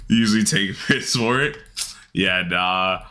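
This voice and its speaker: A man's voice: on the low side, slow pace, sharp tone. Laid-back man streaming a game. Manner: laid-back and slangy, answering chat, laughs often. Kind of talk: casual livestream chat while gaming.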